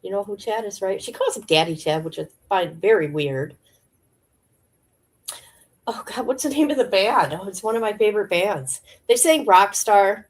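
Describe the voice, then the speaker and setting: A woman's voice: medium pitch, animated, normal speed. Chatty woman streamer gossiping. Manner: chatty, addresses viewers directly. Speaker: livestream host. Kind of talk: casual gossip commentary.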